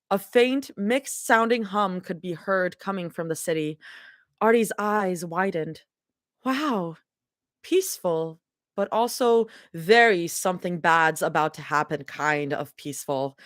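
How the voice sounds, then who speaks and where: A woman reads a fan story aloud on a live stream, often breaking off into chatty, laughing asides. Her pitch swoops around animatedly, and the sound is close and dry with no room around it. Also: expressive, a little slow, no room sound. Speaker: livestream reader. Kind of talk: live reading of fan fiction with commentary.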